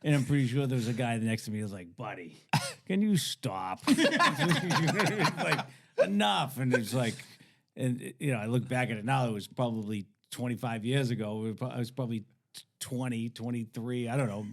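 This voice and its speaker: A man's voice: medium pitch, steady tone, fast talker, a little mellow. A man in his forties, a podcast guest, telling a self-mocking story in casual chat.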